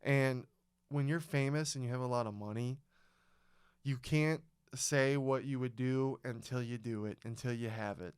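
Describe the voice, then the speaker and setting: Animated swearing man on a podcast. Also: medium pitch, moderate pace, clear, resonant tone, no echo, clean studio sound. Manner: animated, swearing, acts out scenes. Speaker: podcast co-host, former fighter. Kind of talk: casual podcast chat.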